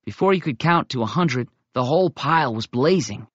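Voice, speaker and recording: A man narrating a first-person audiobook in a steady, measured storytelling voice. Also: mid-range voice, no room sound, highs cut off.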